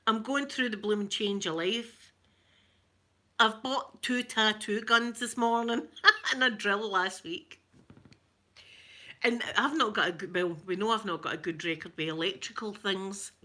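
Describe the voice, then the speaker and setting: A middle-aged Scottish woman chatting casually with live viewers on an ASMR stream, giggly and rambling, often dropping to soft whispers. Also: medium pitch, unhurried. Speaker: ASMR creator.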